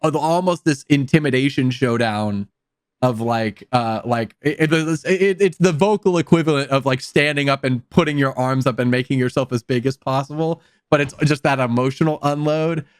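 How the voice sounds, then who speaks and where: A man's voice: medium pitch, moderate pace, smooth, dry recording. A man chatting casually about a film, rambling with many fillers. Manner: rambling, heavy use of filler words. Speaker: podcast co-host.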